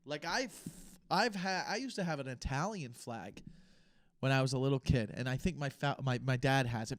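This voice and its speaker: A young man hosting his own podcast, thinking aloud in a rambling, unscripted way with pauses and restarts. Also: medium pitch, no room sound, studio quality. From United States. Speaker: podcast host. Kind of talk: casual solo podcast talk.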